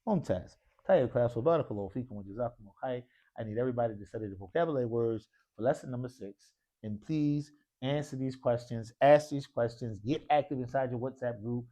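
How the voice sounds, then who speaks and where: A man's voice: mid-range voice, fast, mellow. A man teaching an Arabic grammar class in a mosque classroom, constantly quizzing his students with questions. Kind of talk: classroom lesson.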